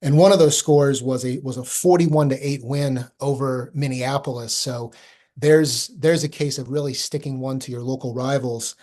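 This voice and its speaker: A man's voice: medium pitch, steady tone, normal speed, a little mellow. Man giving a casual history talk. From Omaha, Nebraska, US Midwest. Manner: conversational, with frequent ums and restarts. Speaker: presenter at a history society chapter meeting. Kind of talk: informal history lecture with slides.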